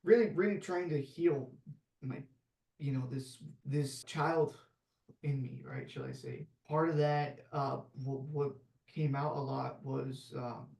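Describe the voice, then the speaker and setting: A man's voice: mid-range voice, fairly even intonation, slow pace, creaky, darkish tone. A man hosting a casual podcast conversation, heartfelt and open about his feelings, dropping "man" and "like" as he speaks. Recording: echoey room, off-mic.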